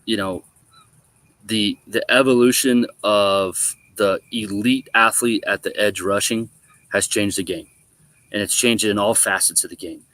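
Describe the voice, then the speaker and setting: A man's voice: lowish voice, measured pace, dry recording. A middle-aged man, a former college quarterback and now a guest on a sports talk show, telling stories casually and acting out the quotes. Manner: animated storyteller, acts out quotes.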